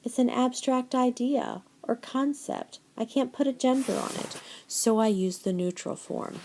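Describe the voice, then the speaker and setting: A woman teaching a Spanish class in a recorded slideshow lecture, encouraging, dropping in Spanish words and reading answer lists slowly. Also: fairly low pitch, creaky, warm tone, a little hiss or hum. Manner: encouraging, switches between English and Spanish phrases.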